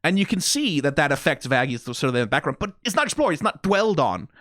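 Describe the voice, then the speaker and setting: A man giving casual, profane commentary as a video reviewer, animated and prone to mocking impressions. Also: fairly high pitch, fast, dry recording, studio quality.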